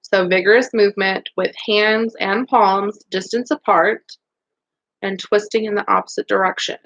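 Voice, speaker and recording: A woman's voice: mid-range voice, steady tone, moderate pace, a bit bright. A woman teaching a beauty school class online, reviewing quiz questions with students in an upbeat, encouraging, chatty way.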